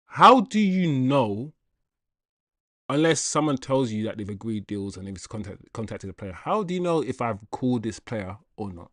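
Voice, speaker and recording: Here a young man runs a laid-back football livestream, going through viewer comments while laughing and chattering in lively slang. His voice is mid-range at a moderate pace, with no echo.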